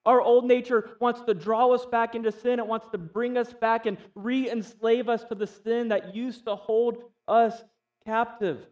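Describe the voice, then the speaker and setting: A man preaching a sermon in a relaxed, conversational way, often asking the listeners questions. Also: extremely high pitch, measured pace, recorded from a distance, highs cut off. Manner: conversational, asks the audience questions. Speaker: pastor.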